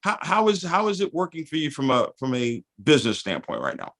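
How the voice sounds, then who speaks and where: A man's voice: a little high, wildly swooping pitch, brisk, fairly bright tone, poor audio. A man hosting a call, giving a persuasive, upbeat sales presentation.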